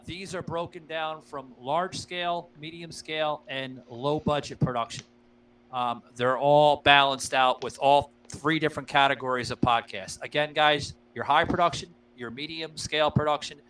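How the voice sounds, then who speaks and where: This podcast host has a slightly high, somewhat bright voice captured on poor audio. He chats loosely and profanely, laughing often, using plenty of fillers and calling his listeners "guys."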